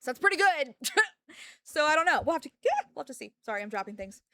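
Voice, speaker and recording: A woman's voice: high voice, very animated, fast, pushed and bright, no echo. A woman streamer chatting casually with her viewers from home, venting her frustration, laughing often and swearing now and then.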